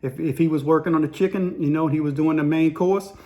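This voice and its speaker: A man's voice: fairly high pitch, fairly even intonation, fairly quick, warm tone. A man telling a story in a rambling, slangy way, full of fillers. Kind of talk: casual spoken storytelling.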